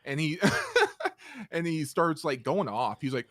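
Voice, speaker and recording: Animated man telling a story, dry sound. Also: a little high, measured pace, no echo. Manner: animated, acts out dialogue, laughs often, swears. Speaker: podcast host. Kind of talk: casual storytelling chat.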